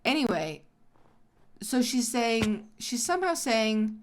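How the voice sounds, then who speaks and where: A woman hosting a gaming video, telling a story in a casual way while she plays and breaks off into excited exclamations. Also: medium pitch, takes it slowly.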